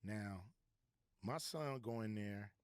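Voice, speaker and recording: A man as a podcast guest, telling a story in a laid-back, slangy, animated way. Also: on the low side, slow pace, no echo, studio quality. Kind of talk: casual storytelling.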